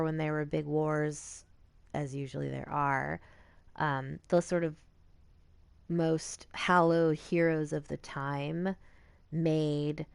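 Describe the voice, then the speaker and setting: A woman streamer with a low, creaky voice chats casually while playing a video game, swearing freely and acting out what the characters said. There's no echo on the recording.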